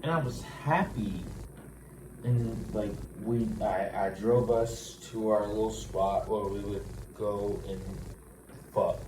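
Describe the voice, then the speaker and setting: A young man in his twenties tells a personal story at an unhurried, drawn-out pace, his voice sitting a little low. He rambles and swears, circling back with "like" and false starts. He is picked up from some distance in a roomy space, with clear background noise behind him. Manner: profane, rambling, restarting with frequent "like". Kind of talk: casual storytelling.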